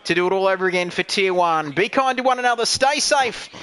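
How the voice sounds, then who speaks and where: A male sim racing commentator wrapping up a live stream in a bright, high voice. He talks in an upbeat, chatty way, full of thanks and friendly sign-offs. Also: animated, a little fast, clear, resonant tone. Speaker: race commentator.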